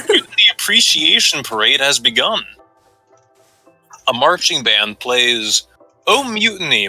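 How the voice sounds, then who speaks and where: A young man reading an absurd story aloud to friends on a voice chat call, mostly deadpan. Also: on the high side, poor audio. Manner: deadpan reading, breaks into laughter.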